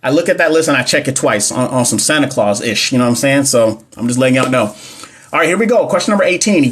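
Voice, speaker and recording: A man's voice: a little high, breathy edge. A young man hosting a casual livestream, reading exam questions and answering chat in a playful, slangy way. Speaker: livestream host teaching nursing exam questions. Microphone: phone or computer mic on a live stream.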